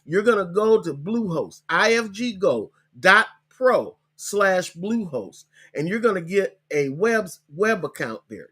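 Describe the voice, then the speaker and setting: A man with a slightly raised voice hosts a live online coaching session. He talks in a loose, conversational way, slowing right down whenever he spells out a web address. He ends many of his points with "okay?". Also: high voice, a bit bright, breathy edge. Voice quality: hiccups. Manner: chatty, repeats web links slowly, tags lines with okay. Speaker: podcast host.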